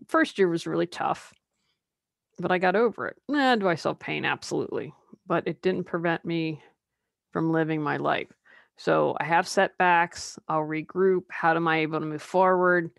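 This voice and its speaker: A woman hosts a solo coaching podcast in a lowish voice. She talks in a conversational, candid way and adds personal asides. The recording is dry and close. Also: no room sound. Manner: conversational, drops into mocking put-on quotes. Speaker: life coach and podcast host.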